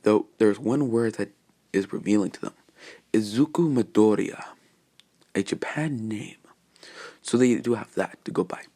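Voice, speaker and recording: A man's voice: fairly low pitch, a little slow, pauses often, warm tone, breathy edge. A man casually narrating a fan story in a rambling way, with many fillers and restarts.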